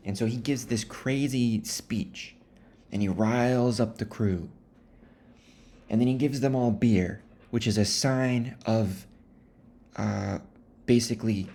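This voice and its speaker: A man with a lowish voice tells a classic story in a loose, rambling way. His delivery is offhand, with deadpan asides, in the style of a comic retelling. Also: a little slow. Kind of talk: comic casual book retelling.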